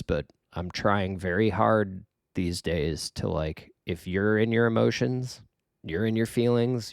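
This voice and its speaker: A man's voice: sits low, vocal fry, dry recording, clean studio sound. A middle-aged man talking casually and earnestly, rambling with fillers and restarts as he gives advice. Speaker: podcast host giving life advice. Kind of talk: casual reflective monologue.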